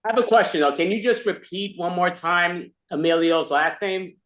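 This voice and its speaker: A man's voice: high-pitched, moderate pace, a bit bright. A man among improv players, wry and quizzical, over a video call.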